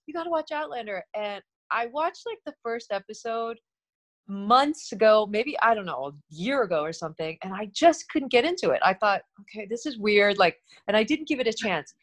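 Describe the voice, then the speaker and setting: A middle-aged woman, a TV host, chatting in an interview in an animated way, laughing often and restarting her sentences. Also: mid-range voice, normal speed. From Korean heritage. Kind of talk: casual interview chat.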